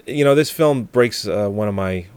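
A man's voice: fairly low pitch, lively intonation, normal speed, darkish tone, smooth. A man co-hosting a casual film-review chat, hesitant and skeptical, often trailing off mid-sentence. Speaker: podcast co-host.

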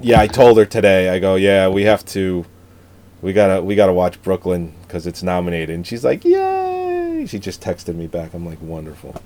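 Deep-voiced and brisk, this man co-hosts a laid-back movie review podcast. He comes from an Italian-American family and keeps things profane and funny, spinning animated stories as he goes.

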